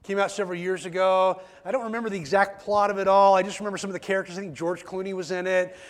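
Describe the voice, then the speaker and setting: A male pastor with a fairly high voice preaches to his congregation in a loose, conversational way. He often stumbles over and repeats his first words before getting a sentence going. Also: level tone, fast. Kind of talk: sermon. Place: church.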